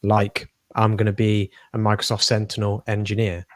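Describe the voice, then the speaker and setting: A man hosting a podcast, talking in a relaxed way and often repeating words as he finds his phrasing. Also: fairly low pitch, normal speed, no echo. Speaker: podcast host. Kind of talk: casual podcast conversation.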